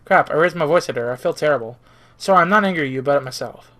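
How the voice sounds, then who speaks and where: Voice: medium pitch, fast, fairly bright tone, lightly acted. A streamer reading the part of an awkward, grateful young man down on his luck in a visual novel, dry and self-mocking. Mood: earnest.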